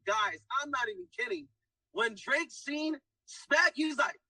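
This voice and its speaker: A man's voice: very high-pitched, expressive, unhurried, pushed and bright, no room sound, recorded from a distance, rough recording. A man giving an emphatic motivational testimonial, keeps saying guys and hyping people up. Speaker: testimonial speaker. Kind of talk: motivational pitch.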